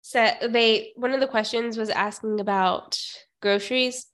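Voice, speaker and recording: A woman's voice: fairly high pitch, steady tone, a little slow, a bit bright. A young woman co-hosting a podcast, chatting casually and with a snarky edge, often laughing and trailing off mid-sentence. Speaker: podcast co-host.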